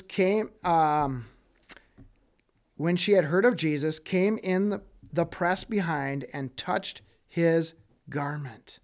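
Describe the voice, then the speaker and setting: A man's voice: fairly high pitch, takes it slowly. A man giving a casual Bible teaching, reading scripture and acting out the people in it, often checking in with "okay?". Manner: animated, acts out quoted voices, frequent "okay?" check-ins. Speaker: preacher.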